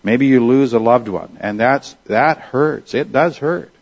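A man delivers a sermon in a mid-pitched voice, earnest and conversational, often pausing to put questions to the congregation. The recording sounds a little dull and lo-fi. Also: husky. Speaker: pastor.

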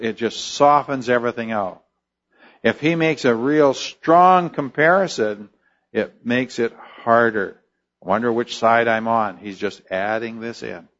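A man's voice: medium pitch, dull audio. A man preaching an expository sermon in a teacherly way, explaining word roots with many fillers and restarts.

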